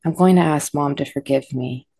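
A woman's voice: low-pitched, normal speed, dark tone, breathy edge. A woman reading the lines of a guilty, frightened little girl who speaks weakly and sobs. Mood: remorseful. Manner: weak, mumbling, sobbing denials.

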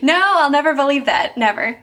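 A woman's voice: high voice, a little fast, a bit bright. Woman, podcast co-host, blunt, joking, casual chat.

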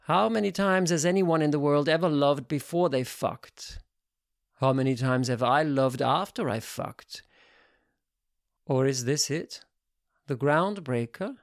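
An audiobook narrator reading literary prose in a measured, intimate, reflective manner. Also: medium pitch, no echo, clean studio sound.

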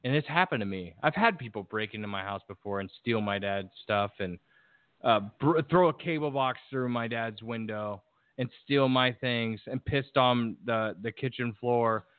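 A man's voice: medium pitch, moderate pace, smooth, dry recording. A man talking bluntly and emphatically in a casual discussion, swearing freely. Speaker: podcast guest. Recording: tinny phone-like call audio, dry.

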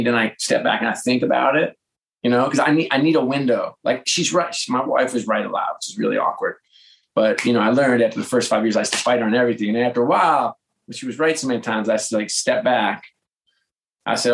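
A middle-aged man, a podcast guest, telling candid, animated stories in conversation. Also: mid-range voice, fast, gravelly. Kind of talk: storytelling in conversation.

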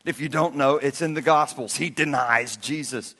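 A man preaching a sermon as a pastor, telling stories in a lively way and acting out the characters. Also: medium pitch, moderate pace. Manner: animated storytelling preacher who acts out the characters. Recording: reverberant hall.

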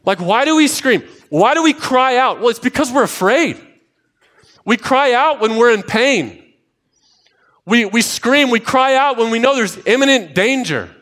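A man in his thirties delivers a sermon in a fairly high, bright-toned voice. He moves from lively storytelling to emphatic, repeated declarations. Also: measured pace. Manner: animated storytelling, rising to emphatic repeated lines. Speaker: pastor. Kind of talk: sermon with personal stories.

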